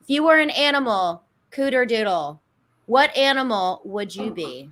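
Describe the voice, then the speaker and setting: Bright-toned chatty woman host. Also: on the high side, animated, moderate pace. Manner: chatty and enthusiastic, laughs often. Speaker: podcast co-host interviewing guests. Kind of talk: casual podcast chat.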